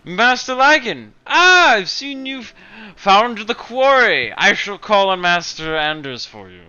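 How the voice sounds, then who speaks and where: A man doing a high, fussy butler. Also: big pitch swings, bright, forceful tone, clear, resonant tone, muffled recording, exaggerated voice. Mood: formal. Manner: high, drawn-out, formal address. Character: fussy male butler servant, formal and eager.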